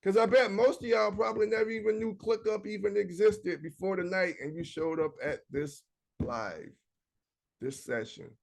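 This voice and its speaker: A man's voice: high-pitched, normal speed, gravelly. A man, coaching viewers casually in a live screen-share session. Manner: casual, talks to viewers directly, reads notes aloud. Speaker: online business coach.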